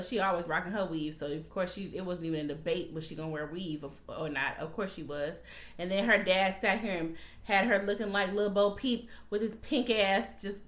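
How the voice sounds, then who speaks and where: A woman's voice: medium pitch, a bit bright. A young woman recapping a TV drama episode in casual, heated chat, swearing and calling her viewers y'all. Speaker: TV recap vlogger. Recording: echoey room.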